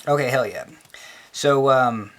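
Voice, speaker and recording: A man at an ordinary middle pitch explains a logic puzzle in loose, rambling fashion. He fills his talk with ums and side tangents, and keeps cheering himself on. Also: lively intonation, a little slow, fairly bright tone. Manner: chatty, filler-heavy, says "hell yeah" a lot. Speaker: math tutor.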